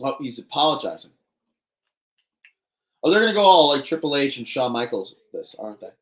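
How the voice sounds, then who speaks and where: A man co-hosting a wrestling watch-along, commenting casually and breaking into loud excited exclamations. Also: medium pitch, brisk.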